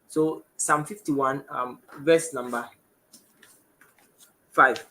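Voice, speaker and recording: A man's voice: medium pitch, fairly even intonation, pushed and bright. A man with a Ghanaian English accent teaching the Bible on television in a studio, reading verses aloud and often stopping to correct himself. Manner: halting, self-correcting, reads verses aloud.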